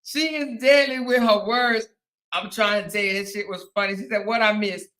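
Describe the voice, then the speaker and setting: A woman's voice: medium pitch, fairly even intonation, moderate pace, a bit bright. A woman in her fifties hosting a casual livestream, reading viewer comments aloud, laughing and fighting the hiccups, calling her viewers honey and girl. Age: 50s. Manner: laughing, drawling Southern-Black-style endearments like honey and girl. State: has the hiccups. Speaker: livestream host.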